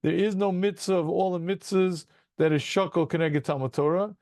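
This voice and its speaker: A man teaching a Talmud class to students over a video call, asking rhetorical questions and breaking into quick chuckles. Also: sits high, dry recording, clean studio sound. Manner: animated, rhetorical questions, addresses students as gentlemen; self-deprecating chuckles, quick asides.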